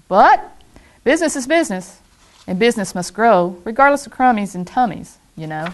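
A woman reads a rhyming children's story aloud at a middle pitch. She keeps a playful, bouncing rhythm through every rhyming line. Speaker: school staff reader. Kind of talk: reading a children's book aloud.

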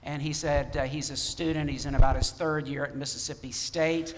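A man's voice: fairly high pitch, flat delivery, brisk, a little hiss or hum. A man, a pastor preaching a sermon in conversational storytelling style, recounting dialogue with restarts. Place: church sanctuary. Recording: church hall reverb.

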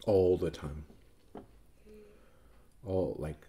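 Easygoing man in his thirties, slow and mellow, chatty family vlog host, lively intonation. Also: medium pitch. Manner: gentle, patient, talking to a child between bites. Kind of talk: casual family chat while eating.

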